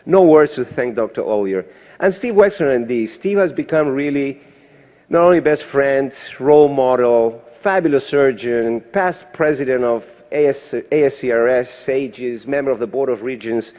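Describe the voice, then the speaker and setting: A man's voice: medium pitch, a little mellow. Older guy speaking english at a podium, sincere and grateful, big echoey convention hall. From Argentina. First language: Spanish. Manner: heartfelt, thanking people one by one. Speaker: surgeon giving a presidential address. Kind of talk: emotional speech at a podium. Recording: long reverb of a big hall.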